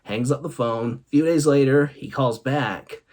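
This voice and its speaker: A man's voice: mid-range voice, a little slow, darkish tone. A man hosting a vlog, telling comic stories and laughing often between punchlines. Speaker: host. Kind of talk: comic storytelling monologue.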